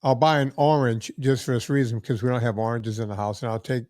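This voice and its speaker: A man's voice: medium pitch, fairly even intonation, fast, a little mellow, dry recording, clean studio sound. A middle-aged man hosting a podcast, telling stories in a blunt, chatty way and often repeating words as he starts a sentence. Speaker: podcast host. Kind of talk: casual chat.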